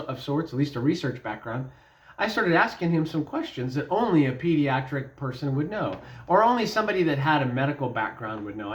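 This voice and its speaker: Folksy man giving a devotional talk. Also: mid-range voice. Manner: folksy, conversational storytelling with fillers. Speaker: Bible teacher. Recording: dull lo-fi sound.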